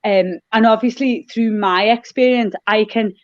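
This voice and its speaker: A woman guest in a casual chat over a video call, speaking earnestly in halting phrases with many restarts. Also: a little high, dry recording. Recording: dry, dull lo-fi call audio.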